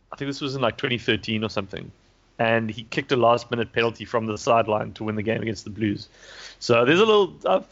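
A man's voice: on the low side, fairly bright tone. A man hosting a casual chat, rambling with many fillers and restarts. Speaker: podcast host previewing rugby. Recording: dull lo-fi recording.

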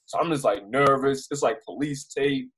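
A husky young man from Baltimore, United States, with a Baltimore accent tells a story casually in an interview, rambling and animated with many restarts and fillers. He's a news reporter appearing as an interview guest, speaking at medium pitch and moderate pace on a low-quality recording.

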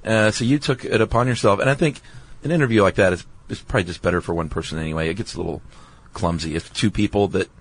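Wry low-voiced male podcast co-host. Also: fast talker, few pauses. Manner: wry, teasing banter. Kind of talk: casual chat.

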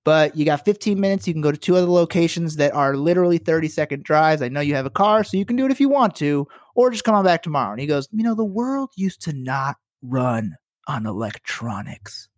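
A man co-hosting a podcast, telling a work story in a casual, animated and profane way and acting out the people he quotes. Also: fairly high pitch, fast, few pauses, no room sound, studio quality. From works in Los Angeles. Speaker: podcast co-host.

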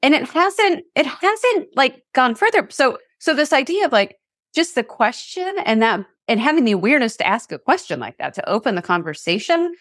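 A woman's voice: high-pitched, sing-song, moderate pace, a bit bright, no room sound, clean studio sound. A woman podcast host and leadership coach who reflects aloud, often stopping to ask "right?" as she works through an idea. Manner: reflective, thinks aloud with "you know" and "right?". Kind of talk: interview conversation.

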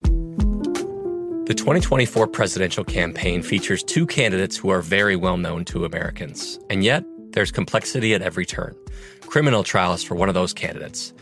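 A man reading a podcast promo in a measured, earnest way, with music playing behind him. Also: low-pitched, animated, vocal fry. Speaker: political reporter.

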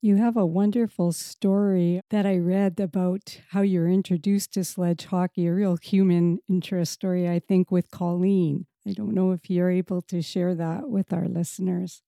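A woman with a low, mellow voice hosts an interview. She reads the guest's introduction and asks questions in an encouraging way. Her voice is recorded dry and close. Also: little pitch movement, moderate pace, gravelly, hardly any pauses, no echo. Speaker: podcast host. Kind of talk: interview host.

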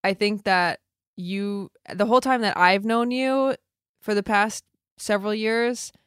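A woman's voice: mid-range voice, measured pace, fairly bright tone, clean tone, no room sound, clean studio sound. A young woman hosting a casual chat, talking in an earnest, reflective way with many filler words.

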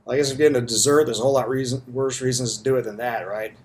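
A man's voice: mid-range voice, steady tone, racing, darkish tone, slight background noise. A man giving casual, rambling commentary full of fillers and asides. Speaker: podcast host commenting.

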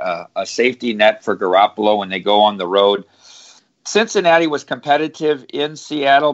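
A man giving his sports betting pick, measured and explaining it step by step. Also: medium pitch, lo-fi sound. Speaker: sports betting analyst guest. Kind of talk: casual sports betting talk.

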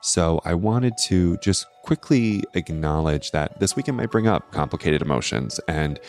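Low-voiced man hosting a podcast. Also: animated, normal speed, a little mellow, faint music behind. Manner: earnest, explanatory, frequent tag questions. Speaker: podcast host, astrology. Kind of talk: solo podcast talk.

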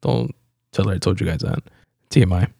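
Young male podcast host, low and gravelly, loose chatty delivery, dry close sound. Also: brisk, mellow, no room sound. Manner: rambling, loose, laughs often, swears casually. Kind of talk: casual solo podcast review.

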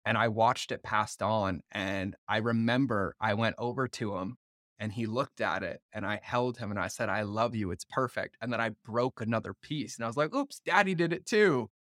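A man hosting a podcast, telling stories in an animated way and swearing freely in casual conversation. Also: fairly low pitch, normal speed, dry recording, studio quality. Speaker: podcast host.

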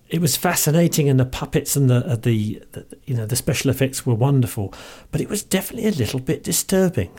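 Cockney male host, chatty and amused, mid-pitched. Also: mellow. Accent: London Cockney. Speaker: podcast host. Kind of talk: casual enthusiastic commentary.

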